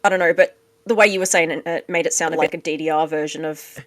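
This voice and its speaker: Low-voiced woman co-hosting a chatty podcast. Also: fairly even intonation, fast, dry recording. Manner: chatty and playful, teasing. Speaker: podcast co-host. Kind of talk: casual chat.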